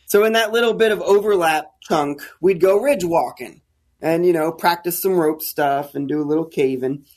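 Storytelling man, slightly high voice. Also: normal speed. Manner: animated, acts out quoted dialogue. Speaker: guest, caver. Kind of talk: casual storytelling.

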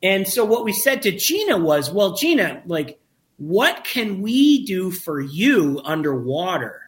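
A man telling a lively anecdote about making a documentary, acting out the quoted dialogue and often restarting his sentences. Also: high-pitched, unhurried. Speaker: documentary filmmaker. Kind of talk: casual storytelling in an interview.

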